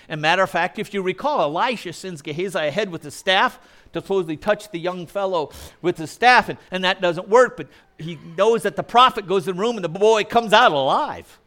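A man's voice: high-pitched, pushed and bright. A male preacher giving a sermon in a conversational way, putting questions to the congregation.

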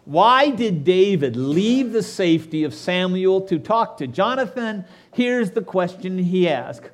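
A man preaching in church, reading a long passage aloud and stepping out of it to comment directly to his listeners. His voice sits a little high and moves widely up and down as he goes. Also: unhurried, few pauses. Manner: animated, asides to the congregation. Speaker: pastor. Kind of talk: sermon with scripture reading.

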